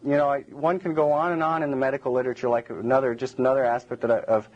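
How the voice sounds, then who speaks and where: A man's voice: mid-range voice, steady tone, racing, lo-fi sound. A man giving a public lecture to a live audience, rambling and digressive with many restarts.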